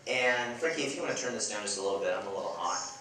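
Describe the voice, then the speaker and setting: A man's voice: on the low side, racing, noisy background. Man telling a funny story in an echoey hall. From Chicago. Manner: lively, self-mocking, playful asides to the audience. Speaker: event speaker. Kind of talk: humorous storytelling talk. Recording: echoey hall, far from the mic.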